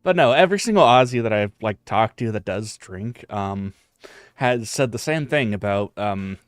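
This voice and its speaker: A man's voice: fairly low pitch, lively intonation, moderate pace, no echo. Rambling West Coast American man. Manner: rambling, many fillers and restarts. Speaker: streamer. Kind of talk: casual chat.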